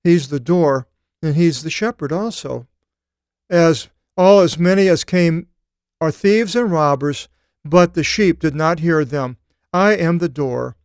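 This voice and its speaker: A man teaching a Bible study seminar, reading scripture aloud and explaining it, with thoughtful pauses and occasional fillers. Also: fairly high pitch, clean tone, no room sound, clean studio sound.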